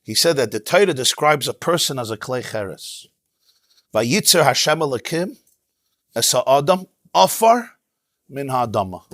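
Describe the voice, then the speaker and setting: A man teaching a Torah class as a rabbi, in an animated, emphatic way, sprinkling in Hebrew terms. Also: medium pitch, no room sound, clean studio sound. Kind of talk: lively Torah lecture. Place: synagogue.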